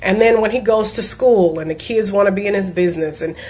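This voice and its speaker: A woman's voice: medium pitch, fairly quick, a little mellow. A woman, a diabetes life coach, giving an earnest personal talk and telling a family story with emphasis.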